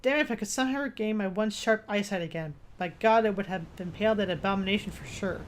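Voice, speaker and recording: A grim, vengeful old fisherman from a spooky game, read out by a woman. His lines come out at a middle pitch with small slips here and there. A faint noise sits under the recording. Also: fast talker, lightly acted. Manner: reads game dialogue aloud with some stumbles.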